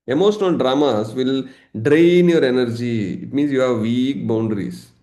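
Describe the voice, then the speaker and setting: A man teaching a live online session as a meditation coach, lively, acting out everyday examples and laughing. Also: mid-range voice, moderate pace, roomy sound. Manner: animated, acts out examples, laughs often.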